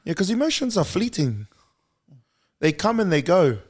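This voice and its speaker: A man with a New Zealand accent, a guest on a casual podcast, talking bluntly and animatedly and acting out quotes with big leaps in pitch. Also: big pitch swings, normal speed, slightly rough.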